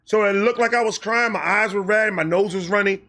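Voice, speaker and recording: A man telling a comedic personal story as host, animated and profane, acting out quotes along the way. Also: high voice, brisk.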